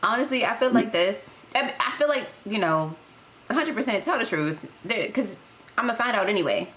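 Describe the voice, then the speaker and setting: A woman's voice: on the high side, animated, normal speed, fairly bright tone, a little hiss or hum. Frank, matter-of-fact woman co-host. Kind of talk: casual podcast chat.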